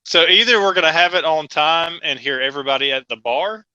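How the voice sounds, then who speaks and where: A man with a Southern American accent co-hosting a podcast in casual chat, joking and laughing often, his voice trailing off softly. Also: a little high, fairly quick, clean tone, no room sound, muffled recording. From Southern United States. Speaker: podcast co-host.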